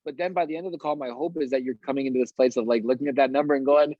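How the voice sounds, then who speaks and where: A man's voice: on the high side, racing, few pauses, no echo, muffled recording. A man coaching a sales team on a video call, talking eagerly and rambling with lots of fillers.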